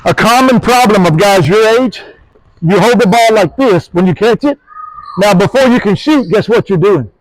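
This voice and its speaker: A man in his fifties runs a basketball shooting clinic with a high, lively voice. He talks in a folksy way and keeps quizzing his players. The sound is dry and close, with little room echo. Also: normal speed. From Texas. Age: 50s. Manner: animated, asks players questions, folksy. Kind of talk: coaching clinic instruction. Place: gym with players.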